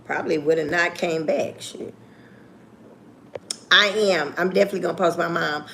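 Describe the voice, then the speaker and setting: A woman's voice: lowish voice, vocal fry, slight background noise. A woman hosting a livestream, casually telling stories to her viewers in a blunt, profane, joking way. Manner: blunt, profane, laughing storyteller; talks straight to viewers. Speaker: livestream host. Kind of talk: casual storytelling chat.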